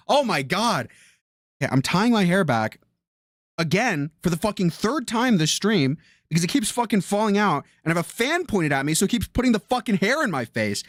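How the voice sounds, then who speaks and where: A man's voice: high voice, sing-song, normal speed, fairly bright tone, no echo, studio quality. A man in his twenties doing livestream commentary from his bedroom, ranting in an exasperated, profane way. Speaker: streamer. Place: bedroom with a fan blowing.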